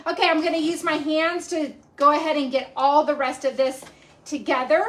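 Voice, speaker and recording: Chatty high-voiced woman cooking. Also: flat delivery, normal speed, a bit bright, slight background noise. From Texas. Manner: chatty, rambling, many ums. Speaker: cooking show host. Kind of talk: casual live-stream cooking chat. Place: home kitchen at night.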